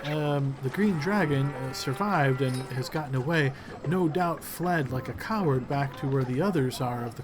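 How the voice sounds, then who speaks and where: A man voicing a weary noblewoman who is quick to anger and halts with fillers when flustered. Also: deep voice. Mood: grave. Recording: noisy home recording.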